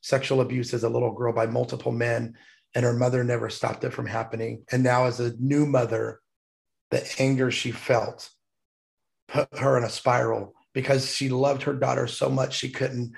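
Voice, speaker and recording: Gravelly-voiced man, heartfelt storyteller. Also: mid-range voice, level tone, normal speed. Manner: heartfelt, emphatic, choked up at times. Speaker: guest, military veteran. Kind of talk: emotional storytelling.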